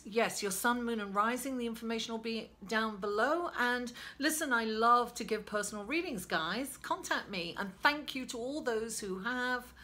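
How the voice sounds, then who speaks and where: A woman with a raspy voice, hoarse from being ill, giving a chatty tarot reading and calling her listeners darling. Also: medium pitch, bright, forceful tone. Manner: chatty, calls listeners darling and guys, many fillers. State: hoarse from illness. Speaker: tarot reader. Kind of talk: casual tarot reading monologue.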